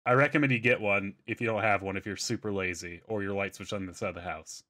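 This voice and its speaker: A man's voice: fairly low pitch, steady tone, fast, bright, forceful tone. Man rambling through casual comic stories. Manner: rambling storyteller, swears freely. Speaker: contestant pitching products. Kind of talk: casual comedic chat.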